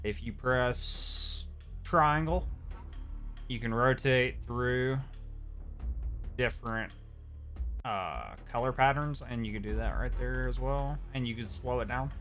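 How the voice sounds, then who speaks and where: A young man streaming a game live, chatting casually and reacting with sudden loud outbursts. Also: mid-range voice, takes it slowly, pauses often, faint music behind. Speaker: gaming streamer. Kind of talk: live gameplay commentary.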